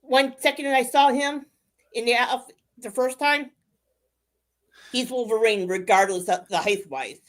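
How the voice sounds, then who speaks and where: A woman's voice: on the high side, a little slow. A woman co-hosting a casual movie chat, mostly short blunt remarks. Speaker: podcast co-host.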